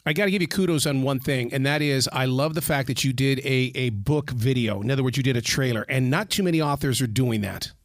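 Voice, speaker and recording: A man's voice: medium pitch, brisk, hardly any pauses, no room sound, clean studio sound. A man hosting an interview, encouraging and upbeat toward his guest. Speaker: interview host. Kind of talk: interview conversation.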